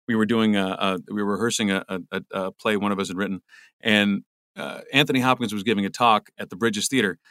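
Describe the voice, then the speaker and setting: Interviewed as a guest, a middle-aged voice actor rambles casually, restarting often and repeating words. He speaks quickly in a steady, fairly low voice that's a bit bright. The studio sound is clean, with no echo.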